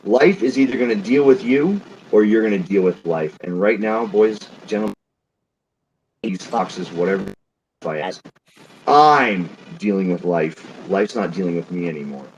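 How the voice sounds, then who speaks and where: Man, low voice, blunt and defiant, swears, dull lo-fi audio. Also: expressive, moderate pace. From Canada. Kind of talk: motivational talk. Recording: dull lo-fi audio with faint noise.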